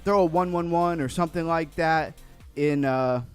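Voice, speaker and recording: A man's voice: a little high, moderate pace, clear, resonant tone, soft background music. Upbeat man hosting a crypto livestream. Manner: upbeat, reads chat names aloud, rambling. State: a little out of breath after cardio. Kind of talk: casual live-stream chat.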